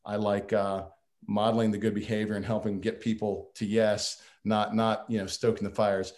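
A man with a slightly low voice delivers a humorous farewell speech to his board. He talks in a folksy, self-deprecating way and often restarts his sentences. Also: level tone, moderate pace, a little mellow.

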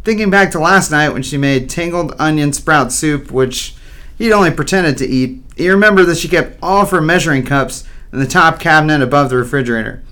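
A man's voice: fairly high pitch, brisk, bright, forceful tone. A man narrating a children's story playfully, with wry asides to the listener.

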